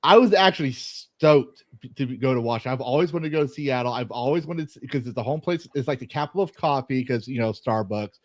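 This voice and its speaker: A man's voice: mid-range voice, expressive, fairly quick, dry recording. Rambling, joking man hosting a chat. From Texas. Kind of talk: casual chat.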